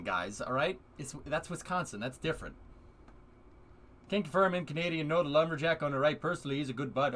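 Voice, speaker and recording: Bright-voiced joking streamer man. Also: fairly high pitch, lively intonation, brisk. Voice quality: joking, puts on silly voices in bursts. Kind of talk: casual live-stream chat.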